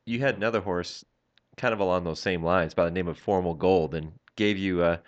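A man's voice: low-pitched, fairly quick, no echo, highs cut off. A man hosting a radio talk show, prompting the guest with easygoing questions. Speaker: host.

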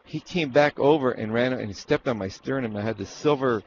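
A man's voice: medium pitch, brisk. A man from Arizona, a former jockey, telling stories from his racing days in a casual interview and acting out what people said. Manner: animated storyteller who acts out what was said. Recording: dull lo-fi recording with faint noise.

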